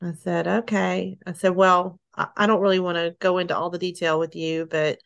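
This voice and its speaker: A middle-aged woman being interviewed, telling her story haltingly, with restarts, soft laughs and sighs. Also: on the low side, level tone, vocal fry. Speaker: interview guest.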